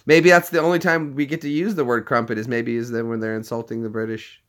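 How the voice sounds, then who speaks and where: A man's voice: mid-range voice, little pitch movement, fast talker, hardly any pauses, a bit bright. Joking man in a casual vlog. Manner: joking, playful, tries out silly voices.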